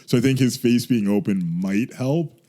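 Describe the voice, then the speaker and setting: A man co-hosting a casual comics podcast, reacting bluntly with quick remarks and groans. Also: medium pitch, mellow. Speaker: podcast co-host. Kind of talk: casual chat.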